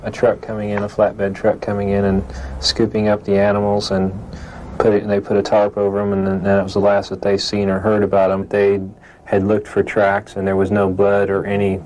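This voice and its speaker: Flat-voiced man giving a hesitant account. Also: fairly low pitch, brisk, slight background noise, low-quality recording. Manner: hesitant, many fillers and restarts. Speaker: eyewitness. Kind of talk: casual interview account.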